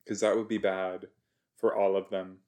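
A man giving chatty, excitable reaction commentary as he watches a TV episode, gasping and exclaiming along. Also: sits low, normal speed. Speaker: reaction video host.

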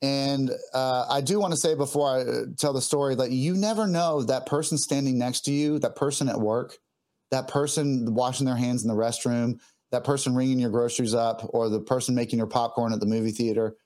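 A man's voice: mid-range voice, fairly even intonation, brisk, a little mellow. A man, a guest musician, telling a personal story in an earnest, heartfelt way, often stopping and restarting as he gets emotional.

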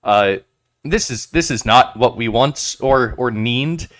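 A man in casual political podcast chat, talking haltingly with many fillers and restarts and frequent swearing. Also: mid-range voice, fairly bright tone.

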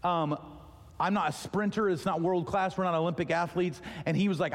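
Animated preacher man in a reverberant hall. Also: high-pitched, fairly quick. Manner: animated storytelling, acting out dialogue. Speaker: pastor. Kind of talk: sermon. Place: church auditorium. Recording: long reverb of a large hall.

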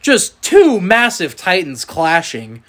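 A man's voice: sits high, huge pitch swings, slow, a bit bright. Man with a Southern drawl. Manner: reads out matchups, then banters. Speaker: podcast host. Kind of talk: casual sports podcast chat.

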